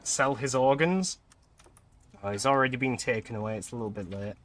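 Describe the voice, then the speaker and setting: Young male streamer, bright clear tone, chatty, laughs a lot. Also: mid-range voice, a little fast. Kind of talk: casual gameplay commentary.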